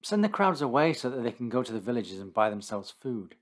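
A man's voice: medium pitch, very animated, fairly quick. A man reading the worried disciples. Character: anxious male disciples speaking together.

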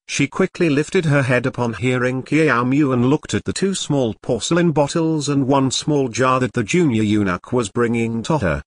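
A man's voice: medium pitch, dry recording. A man narrating a novel audiobook in a machine-like, scripted reading. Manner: machine-like reading, reads symbols aloud.

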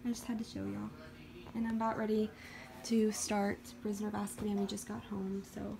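A woman's voice: medium pitch, little pitch movement, brisk, vocal fry. A young woman chatting casually in a vlog, gushing about her gifts. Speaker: book vlogger. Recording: background noise.

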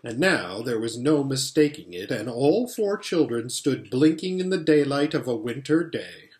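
A pastor reading a storybook aloud in an expressive, animated way, in a roomy-sounding space. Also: male voice, medium pitch, normal speed. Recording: roomy echo.

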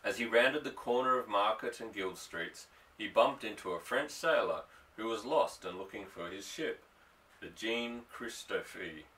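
Low, bright male audiobook narrator. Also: measured pace. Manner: steady storytelling. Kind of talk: scripted narration. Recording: distant mic.

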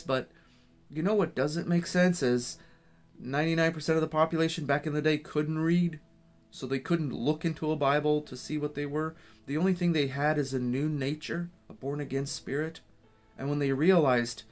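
A man's voice: a little high, steady tone, normal speed, faint music behind. A man giving an earnest, rambling personal faith testimony, often restarting his sentences. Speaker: Christian speaker.

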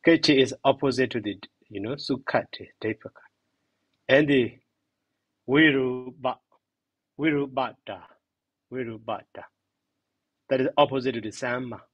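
A man teaching a grammar lesson, repeating each term slowly and giving its meaning. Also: medium pitch, slightly rough, dry recording, muffled recording. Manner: slow, repeats terms and glosses them.

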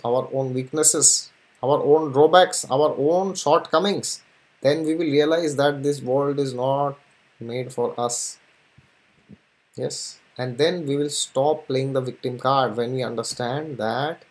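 A man gives an informal spiritual talk to his audience. His voice sits in a middle pitch, and he speaks with an animated rhythm, punctuating his ideas with repeated affirmations and short laughs. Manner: animated, repeats "yes" often, laughs between points. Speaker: spiritual and astrology channel host. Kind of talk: casual spiritual talk to camera.

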